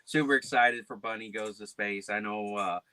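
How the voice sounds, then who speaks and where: A man hosting a casual podcast chat, loud and animated, telling stories with silly voices. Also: fairly low pitch, moderate pace, smooth, no room sound. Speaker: podcast host.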